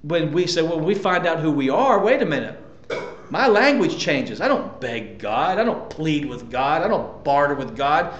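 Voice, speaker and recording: A man's voice: fairly high pitch, very animated, normal speed, echoey room, dull audio. A male pastor preaching a sermon with emphasis, asking the congregation rhetorical questions.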